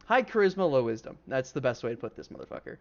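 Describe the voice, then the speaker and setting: A man's voice: medium pitch, very animated, fast, gravelly, lo-fi sound. A man narrating as game master in a casual, rambling way, full of fillers and the odd swear word.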